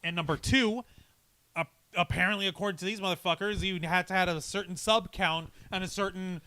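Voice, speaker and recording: A man's voice: high voice, steady tone, fairly quick, pushed and bright, smooth, dry recording. A man co-hosting a live geek-news chat, rambling and emphatic, swearing freely. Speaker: podcast co-host. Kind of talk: casual live-stream chat.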